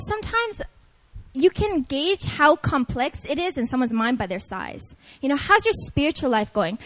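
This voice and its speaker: Lively high-voiced woman preacher. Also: poor audio. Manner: animated, playful, asks the audience to respond. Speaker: preacher at a prayer meeting. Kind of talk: lively conversational sermon.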